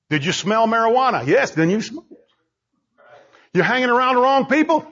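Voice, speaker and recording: High, husky, emphatic male preacher. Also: expressive, fairly quick. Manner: emphatic, repetitive, rising to shouted points. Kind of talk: sermon. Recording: dull lo-fi recording.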